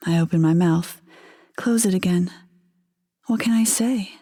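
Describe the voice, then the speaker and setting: Brief: female audio-fiction narrator, breathy, measured, unhurried. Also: lowish voice. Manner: quiet, measured, intimate. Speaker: story narrator. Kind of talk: first-person fiction narration.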